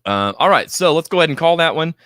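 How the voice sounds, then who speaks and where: A man's voice: a little high, lively intonation, fast, a bit bright, no echo, clean studio sound. A man hosting a podcast, casually chatting and reading live comments with a joking, laughing manner. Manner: jokey, laughs often. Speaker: podcast host.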